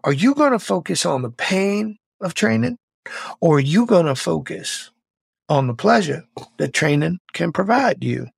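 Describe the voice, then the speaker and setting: Tough old drill instructor played by a man: blunt, drawling, gravelly, pitched up. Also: sing-song, measured pace, dry recording, studio quality, full character voice. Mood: challenging. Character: gruff older male Navy SEAL instructor, tough.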